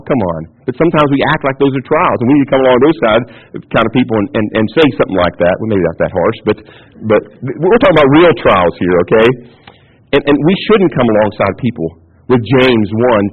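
A man's voice: mid-range voice, husky. A man preaching a sermon as pastor, emphatic, repeating key phrases and asking rhetorical questions. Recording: tinny phone-like radio broadcast.

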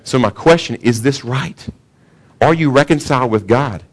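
A pastor preaching a sermon in a casual, conversational way, often asking the congregation questions. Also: male voice, mid-range voice, normal speed. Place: church sanctuary.

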